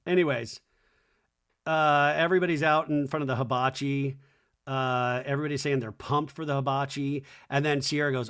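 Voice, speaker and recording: A man's voice: mid-range voice, brisk, fairly bright tone, clear, resonant tone. A man hosting a comedy podcast, recapping a reality show in a campy, sarcastic way and acting out the cast's lines. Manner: campy, sarcastic, voices cast members in quotes. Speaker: podcast host.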